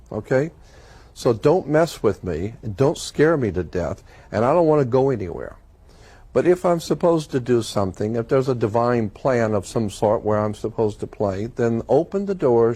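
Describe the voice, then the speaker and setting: A man's voice: medium pitch, dark tone. A man as an interview guest, earnestly recounting a personal experience and acting out the dialogue. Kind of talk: personal storytelling in conversation.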